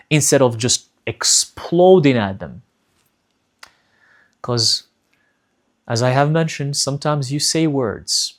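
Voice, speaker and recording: Male spiritual teacher, middle pitch, earnest and direct, repeats key points. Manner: addresses listeners directly. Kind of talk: motivational spiritual talk.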